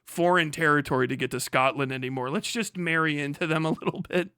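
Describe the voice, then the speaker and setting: A man's voice: fairly high pitch, fast, pushed and bright, clean tone, no room sound, clean studio sound, pitched below the performer's own voice. A man putting on a lazy, drawling old-time noble. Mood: scheming.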